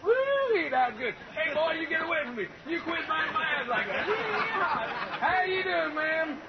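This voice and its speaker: A whooping Texan cowboy. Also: male voice, very high voice, very animated, moderate pace, full character voice. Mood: rowdy. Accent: Texan, put on. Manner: whooping, hollering yeehaws. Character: loud brash Texan cowboy reporter, man. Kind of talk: comedy street reporting. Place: outdoors on a busy city street. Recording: dull TV audio, loud crowd and traffic.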